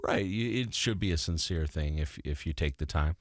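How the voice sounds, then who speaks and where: A man co-hosting a podcast who explains things calmly and with empathy in casual chat. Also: low-pitched, normal speed, no echo, clean studio sound. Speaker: podcast co-host.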